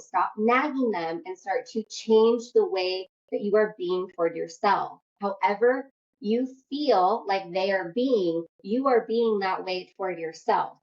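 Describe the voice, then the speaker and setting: A young woman coaching on self-love in a casual, energetic workshop talk, swearing freely. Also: mid-range voice, highs cut off. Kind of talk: workshop talk to an online audience.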